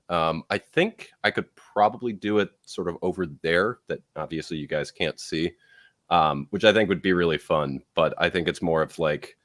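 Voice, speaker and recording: Deep, dry-voiced man, rambling casual co-host. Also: fairly bright tone, no room sound. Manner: rambling, hesitant with many fillers. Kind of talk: casual podcast chat.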